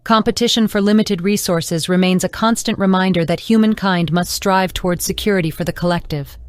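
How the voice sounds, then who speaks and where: Woman narrator playing a stern, mocking woman interrogator; low, smooth, dry audiobook read. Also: fairly quick, no echo, close to an everyday voice.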